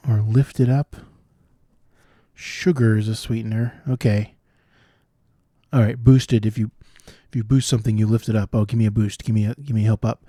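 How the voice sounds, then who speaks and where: Guy working thru crossword clues out loud, lowish mellow voice, explains as he goes, very dry sound. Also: no echo. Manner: thinking aloud, explaining clues. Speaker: puzzle solver. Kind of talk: solving crosswords aloud.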